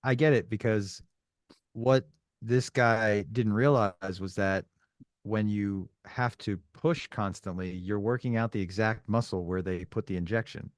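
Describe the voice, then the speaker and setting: A man's voice: on the low side, fairly even intonation, measured pace, no echo. A man co-hosting a podcast in casual chat, mostly giving short reactions and asking questions. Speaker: podcast co-host.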